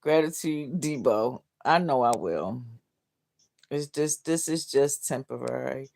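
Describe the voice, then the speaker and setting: A woman's voice: rumbling low, animated, slow pace, creaky, a little mellow. A middle-aged woman hosting a livestream, downcast and heartbroken, reading out comments bluntly with swearing and laughs. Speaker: livestream host.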